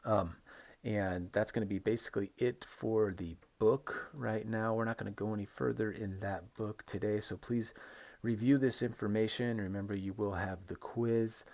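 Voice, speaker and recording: Man teaching English, slow emphatic phrasing. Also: fairly low pitch, fairly even intonation, darkish tone. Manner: slow, emphatic modeling of intonation with rising and falling examples; repeats words for stress, frequent "right?" checks. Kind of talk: recorded online lesson.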